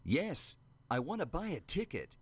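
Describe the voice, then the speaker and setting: A man's voice: fairly high pitch, huge pitch swings, moderate pace, slightly rough, no echo, heavily acted. A man voicing a polite young traveler in a video game who speaks plainly.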